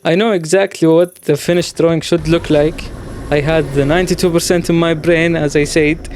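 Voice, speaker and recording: A man talks over his gameplay from his desk, reflective and musing, now and then breaking into a playful exclamation. His voice sits a little high for a man. A faint hiss runs under the recording. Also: steady tone, a little fast, darkish tone. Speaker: gaming channel host.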